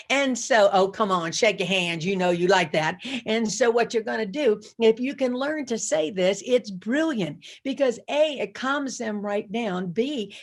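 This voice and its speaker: A woman delivers a rousing keynote to a live audience, with a fairly high voice. She drives each point home with emphasis, says her key lines again and again, and gets the crowd chanting along. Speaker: motivational speaker.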